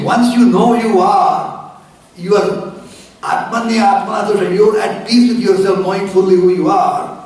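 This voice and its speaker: Male spiritual teacher, slightly high voice, chatty lecturing, recites verses; distant, very echoey room. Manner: explains Sanskrit verses line by line, reciting and chanting them; conversational lecturing with asides and stories. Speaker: spiritual teacher giving commentary. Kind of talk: religious discourse. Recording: echoey room, voice from far off, faint noise.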